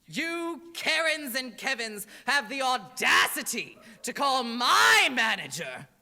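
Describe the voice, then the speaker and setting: A woman's voice: high-pitched, big pitch swings, slow pace, voice pushed up, full character voice. A woman voicing a sassy, campy Satan in a put-on British accent, mocking the audience theatrically in a church comedy monologue. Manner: mocking, theatrical, loud and exaggerated. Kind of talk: comic drag monologue. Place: church sanctuary. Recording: reverberant church hall.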